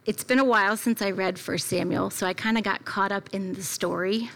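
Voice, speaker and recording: Bright-voiced woman giving a reflective sermon. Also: mid-range voice, steady tone, brisk, creaky. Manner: reflective, personal storytelling with casual fillers. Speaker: preacher at a church gathering. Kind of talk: conversational sermon.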